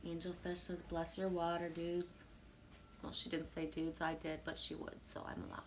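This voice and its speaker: A woman on a live stream at home, reading viewer comments aloud and answering them in a relaxed, rambling way with frequent fillers and soft laughs. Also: on the low side, normal speed, slight background noise. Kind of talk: casual live-stream chat.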